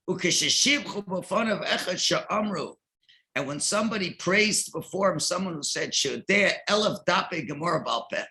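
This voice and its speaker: Male rabbi teaching text class, high lively gravelly voice, bright tone, reads then translates, bursts of emphasis. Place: synagogue.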